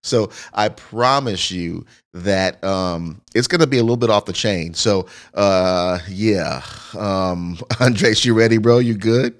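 A man's voice: lowish voice, slow pace, few pauses. A middle-aged man hosting a podcast in casual chat, upbeat and laughing often. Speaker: podcast host.

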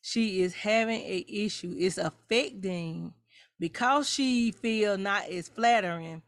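A woman's voice: mid-range voice, a little slow, no echo. A woman co-hosting a podcast, reining in and scolding her co-host in mock-indignant casual banter.

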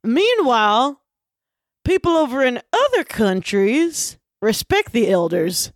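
A woman in her fifties from Kentucky, a comedian guest rambling through deadpan tall tales in an interview. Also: on the high side, slow. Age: 50s. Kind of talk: deadpan comic interview banter.

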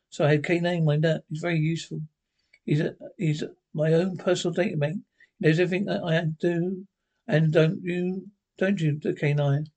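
A fussy middle-aged male scientist, as a man reads him aloud. The delivery is hesitant, stumbling and restarting lines. The voice sits fairly high for a man. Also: a little mellow.

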